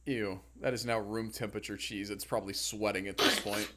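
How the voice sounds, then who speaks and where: A man co-hosting a casual podcast chat, telling animated stories and acting out what other people said. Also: on the low side, fairly quick, background noise. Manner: animated storyteller who acts out other people's lines. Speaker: podcast co-host.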